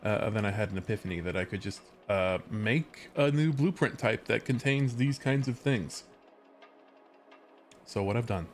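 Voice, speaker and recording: A man's voice: fairly low pitch, normal speed, faint music behind. An American man from California chatting casually on a live stream while he works, rambling and correcting himself as he goes. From California, USA. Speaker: livestreamer and game developer.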